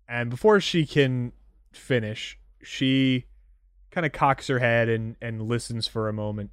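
Casual male game master narrating, mid-pitched, dry close mic. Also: steady tone, a little slow, clean tone, no room sound. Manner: casual, filler-heavy narration.

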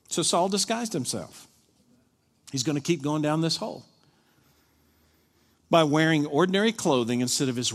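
Fervent preaching man in a reverberant hall. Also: mid-range voice. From Kentucky. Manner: animated preaching, acts out quoted voices. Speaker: pastor. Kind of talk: sermon. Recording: long reverb of a large hall.

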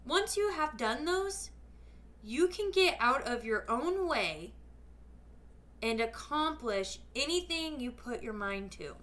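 A woman's voice: mid-range voice, pushed and bright, slight background noise. A woman hosting a podcast, speaking to listeners in a casual, emphatic and earnest faith-based motivational talk. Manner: casual, with frequent fillers. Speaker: podcast host.

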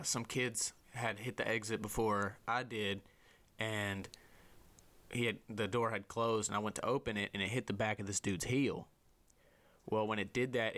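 Animated, swearing young man telling a story. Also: on the low side. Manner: animated, profane storytelling with lively voiced quotes. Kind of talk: casual storytelling chat.

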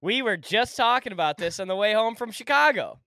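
A man co-hosting a podcast in casual chat, animated and laughing easily, with the odd swear. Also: high voice, brisk, no echo, studio quality. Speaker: podcast co-host.

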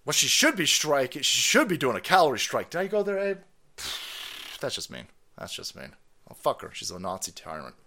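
A man hosting a livestream, ranting loudly with sarcasm, constant cursing and frequent laughter. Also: mid-range voice, huge pitch swings, normal speed, slight background noise. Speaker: livestream host. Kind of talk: profane ranting commentary.

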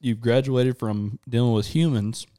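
A man's voice: medium pitch, measured pace, mellow, clean tone. A man hosting a podcast, recounting a story in a chatty way, laughing often. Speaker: podcast host. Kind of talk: casual chat.

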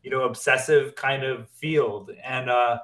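A man's voice: mid-range voice, fairly even intonation, a little slow, fairly bright tone. A man, an animator guest in an interview, talking casually and eagerly, often repeating and restarting his words as he gets carried away.

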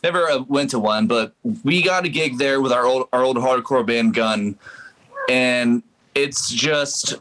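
A man's voice: mid-range voice, a little slow, a bit bright, rough recording. A man in casual chat, rambling with many fillers and restarts.

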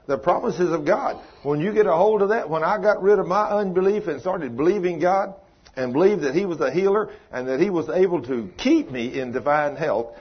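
An older man with a drawl delivers a folksy sermon. His voice is a bit husky and leaps up on emphatic lines. The recording sounds dull and lo-fi. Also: on the high side, animated, fairly quick. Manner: folksy, emphatic preaching with rising exclamations. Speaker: preacher. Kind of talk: sermon teaching.

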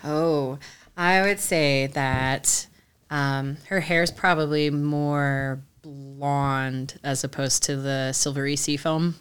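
A woman playing a tabletop game, describing her character slowly and hesitantly. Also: deep voice, fairly even intonation, smooth. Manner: slow, hesitant, laughs often. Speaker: player. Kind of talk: casual chat in a tabletop game.

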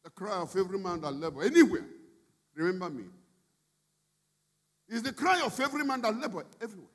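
A man preaching a sermon as a bishop, emphatic and shifting from quiet asides to shouted appeals. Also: high voice, expressive, fast talker. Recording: long reverb in a large hall.

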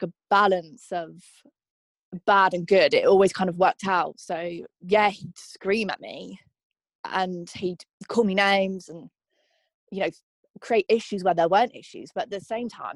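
A young adult woman with a medium-pitched voice gives a personal testimony interview, recounting her own experiences candidly and reflectively with frequent ums and likes. The recording has no room sound.

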